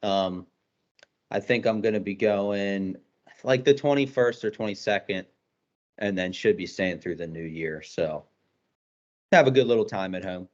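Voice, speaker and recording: Young man, podcast co-host, easygoing reflective chat, lowish voice, lo-fi sound. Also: a little slow, long pauses. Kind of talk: casual chat.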